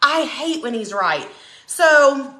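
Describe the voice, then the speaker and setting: A woman chatting casually on a live stream while she paints, telling a dramatic, animated story. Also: sits high, takes it slowly, roomy sound, slight background noise. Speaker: craft channel host.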